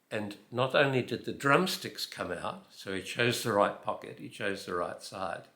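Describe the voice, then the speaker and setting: A man in his eighties, from New Zealand with an Australian accent, telling a personal anecdote in an unhurried way with fillers and wry asides. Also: on the low side, bright, forceful tone, roomy sound. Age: 80s. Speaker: storyteller.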